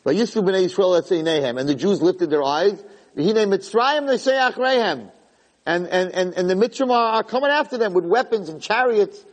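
A man giving a Torah class, retelling the story with lively, dramatic quotes. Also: sits high, moderate pace, long reverb tail, rough recording. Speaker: Torah teacher.

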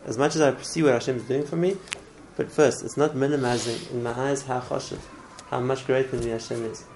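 A man's voice: medium pitch, steady tone, fairly quick, a little mellow, slight background noise, low-quality recording. A man teaching a religious class in an earnest way, often repeating words and restarting his phrases. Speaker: Torah teacher.

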